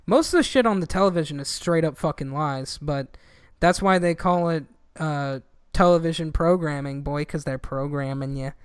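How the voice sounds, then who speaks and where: A young man co-hosts a podcast, rambling casually and swearing often, and he gets animated whenever he quotes someone. His smooth, clear voice sits at a middle pitch and moves at a moderate pace. The recording is dry and close, with no room sound.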